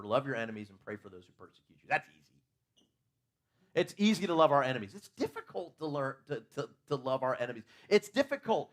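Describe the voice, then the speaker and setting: A man's voice: mid-range voice, a bit bright. A man preaching a conversational sermon in a church, asking his listeners questions and talking openly about his own faults.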